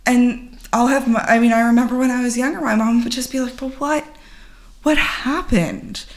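A woman guest speaking candidly and earnestly in conversation, halting often and filling pauses with "like.". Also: a little high, level tone, a little mellow. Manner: earnest, halting, full of "like" fillers. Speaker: podcast guest. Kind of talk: candid personal account in conversation.

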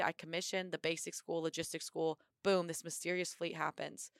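A young American woman talks in a casual podcast interview, her voice smooth and resonant and set a little low. She tells stories with bright energy and slips into voices when she quotes people. The sound is dry and close, with no room echo. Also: a little fast. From United States. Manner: energetic, upbeat storyteller who acts out quotes. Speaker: guest, Marine officer and bobsled athlete.

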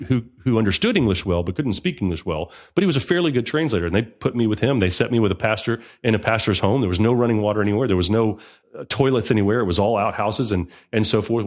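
Fast-talking husky-voiced man. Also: fairly low pitch. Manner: rapid, with frequent restarts and emphatic repetition. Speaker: missionary preacher, guest. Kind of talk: conversational interview testimony.

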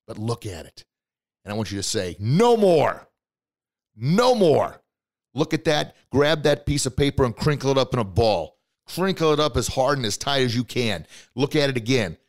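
Guy hosting a motivational podcast, all fired up, talks right at you, yells the big lines. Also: mid-range voice, brisk. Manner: excited, coaching the listener directly. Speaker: podcast host.

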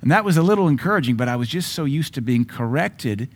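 A man in his thirties preaching with passion from the pulpit. His voice sits at an ordinary middle pitch, and he shifts between earnest teaching and lively acted-out dialogue. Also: fast talker. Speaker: pastor. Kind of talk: sermon.

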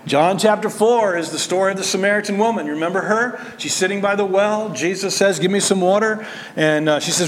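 A man preaching a verse-by-verse sermon, animated, acting out the voices he quotes and restarting words as he goes. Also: high voice, fairly quick, big-room sound. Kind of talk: expository sermon.

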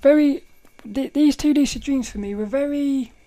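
A woman hosting a casual solo podcast, telling a story in a rambling, animated way, often laughing and restarting her sentences. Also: high-pitched, normal speed. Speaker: podcast host.

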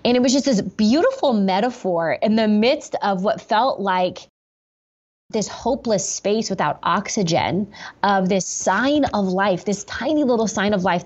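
A woman's voice: medium pitch, lo-fi sound. A woman pastor telling a personal story in an interview, earnest and reflective, with many fillers and restarts.

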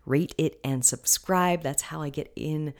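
Very deep-voiced woman, groggy morning voice. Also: measured pace. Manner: chatty, keeps checking in with the listener. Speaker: wellness podcast host. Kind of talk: casual solo podcast talk.

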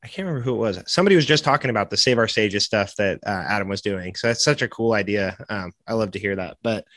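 A man hosting a casual interview, relaxed, with short agreeing replies. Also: fairly low pitch, fast, no echo. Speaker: podcast host.

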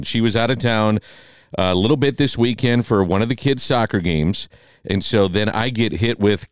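A man's voice: fairly low pitch, normal speed, smooth, no room sound. A man co-hosting a talk show with dry, teasing banter. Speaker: radio show co-host. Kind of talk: casual chat.

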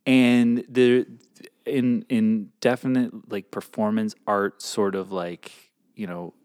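A man's voice: on the low side, little pitch movement, takes it slowly, darkish tone, dry recording, clean studio sound. A man co-hosting a podcast in casual chat, playful and jokey, telling wandering anecdotes with plenty of fillers. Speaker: podcast co-host.

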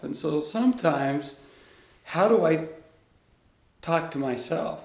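A man guest in an interview, a coach speaking in an earnest, animated storytelling way. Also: on the high side, takes it slowly. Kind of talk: conversational interview. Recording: echoey room.

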